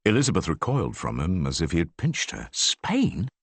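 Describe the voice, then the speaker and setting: A man reading an audiobook, narrating in an expressive, measured way. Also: low voice, no room sound. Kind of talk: scripted narration.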